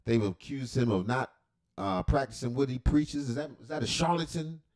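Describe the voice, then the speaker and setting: A man rambles through a casual livestream reaction, cursing and joking as he goes. His pitch swings widely from low mutters to sudden high jumps, while his voice sits at an ordinary middle height. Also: animated, normal speed, creaky, a little mellow. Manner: rambling, profane, joking asides.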